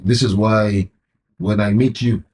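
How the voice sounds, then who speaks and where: A man's voice: fairly low pitch, fairly even intonation, measured pace, a little mellow, a little hiss or hum. A Zambian man with a Zambian accent, a comedian and MC, talking casually in an interview with many fillers and "you know"s. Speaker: guest, comedian and MC.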